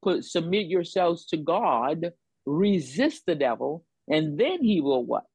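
A woman's voice: deep voice, sing-song, slow, darkish tone, husky, dry recording, poor audio. A woman preaching a sermon on faith and healing, repeating phrases for emphasis in a call-and-response rhythm.

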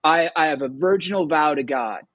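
A man hosting a Gospel reflection show, explaining scripture in an animated way and acting out the quoted words. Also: on the high side, a little fast, dry recording, narrow, tinny audio. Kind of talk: scripture discussion.

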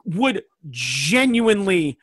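Guy rambling excitedly in a goofy chat, laughs a lot, dry sound. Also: high voice, takes it slowly, no room sound. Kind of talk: casual comedic chat.

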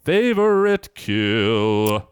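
A man's voice: lowish voice, extremely slow, smooth, no echo. A man in his thirties co-hosting a casual horror movie podcast, laughing and swearing as he recounts scenes. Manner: laughing, swearing, animated storytelling. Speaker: podcast co-host. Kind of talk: casual movie review chat.

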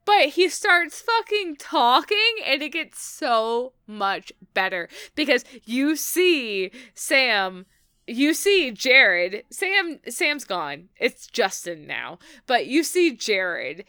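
A woman chatting about a TV episode, excitable and swearing as she laughs through her recap. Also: a little high, slow pace, clean tone, no echo, studio quality. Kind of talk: casual chat recapping a TV episode.

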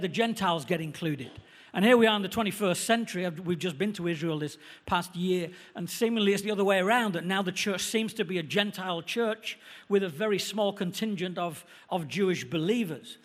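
A middle-aged man with a Manchester accent preaching a sermon, quick and conversational, slowing down to stress key points. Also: high voice, fairly bright tone. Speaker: visiting pastor. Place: church hall. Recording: echoey church hall.

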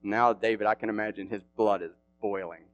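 A man preaching a casual, animated sermon in an easygoing, slang-filled way. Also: on the low side, brisk, dry recording, highs cut off, faint music behind.

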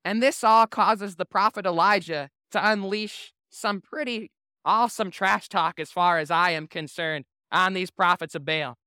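Bright-voiced pastor preaching, man. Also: high voice, measured pace, clean tone, no echo, clean studio sound. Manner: casual, humorous storytelling. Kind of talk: sermon.

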